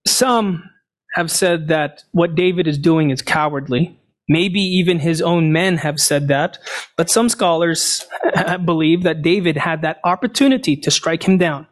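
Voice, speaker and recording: A man with a high voice preaches at an unhurried pace. He retells a scripture story step by step, pausing to ask questions and answer them himself. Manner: storytelling, explains passages, asks and answers his own questions. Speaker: pastor. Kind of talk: sermon.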